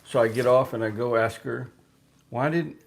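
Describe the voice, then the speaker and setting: A man's voice: mid-range voice, little pitch movement, a little fast, vocal fry. A man, chatting on a livestream and telling folksy, joking stories. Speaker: livestream co-host. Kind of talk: casual chat.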